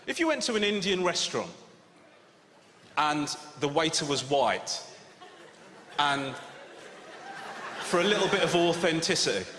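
A man doing stand-up comedy, ranting in an animated, incredulous way with sudden shouts. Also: on the high side, unhurried, long pauses. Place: live comedy venue. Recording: echoey hall with audience noise.

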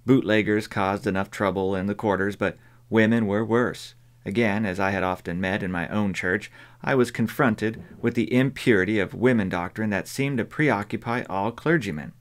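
In a low-ish voice, a man narrates an audiobook, keeping his scripted reading calm, even and measured.

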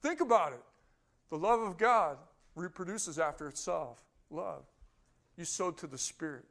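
High-voiced emphatic male preacher. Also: expressive, unhurried, creaky, a bit bright. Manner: emphatic preaching that rises and falls, with rhetorical questions to the congregation. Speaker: pastor. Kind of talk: sermon.

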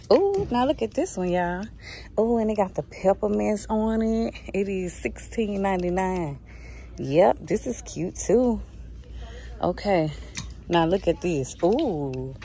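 A woman gives a chatty shopping walkthrough inside a store, her lowish voice carrying a gravelly edge. She talks straight to her viewers as "y'all," recorded on a handheld phone with faint store noise behind. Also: a little mellow. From Southern United States. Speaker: shopping vlogger.

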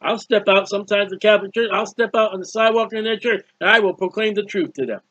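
High-voiced fervent male preacher. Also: quick pace, a bit bright, no room sound. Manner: fervent, repetitive preaching with frequent restarts. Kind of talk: sermon. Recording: dull lo-fi recording.

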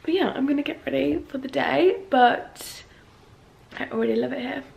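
A woman in her twenties chatting casually for her vlog in her student flat, full of "like" fillers, her throat a little rough from a cold. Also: high voice, moderate pace, dull audio. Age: 20s. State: slightly ill, throat rough. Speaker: vlogger.

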